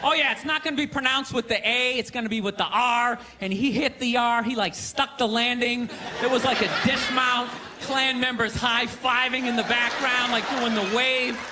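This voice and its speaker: A male stand-up comedian performing a sarcastic, ranting set on a theater stage, often breaking into shouts. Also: very high voice, steady tone, normal speed, a crowd in the background. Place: theater stage before a live audience. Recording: live theater recording with audience laughter and noise.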